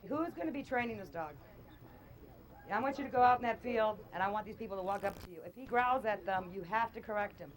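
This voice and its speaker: A woman's voice: medium pitch, quick pace. A woman dog trainer running a hands-on session in an outdoor field, firm and no-nonsense with owners and coaxing with the dog.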